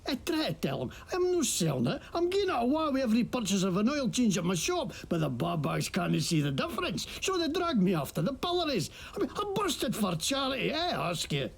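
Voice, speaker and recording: A woman's voice: fairly high pitch, sing-song, brisk, hardly any pauses, full character voice. A woman voicing a noseless, earless wasteland shop owner who fakes a Scottish accent in a video game, speaking in a swaggering, profane, grumbling way. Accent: put-on Scottish. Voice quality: gravelly, raspy.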